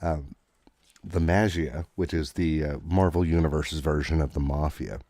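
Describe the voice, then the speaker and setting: Very deep, rambling male podcast host. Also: fairly even intonation, moderate pace, dark tone, no echo, clean studio sound. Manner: rambling, with many fillers and restarts. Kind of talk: casual chat recapping comics.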